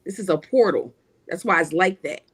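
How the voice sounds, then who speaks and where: A woman's voice: on the low side, moderate pace, fairly bright tone, husky. A woman guest on a livestream panel, speaking emphatically about spirituality in casual, repetitive, preacher-like runs.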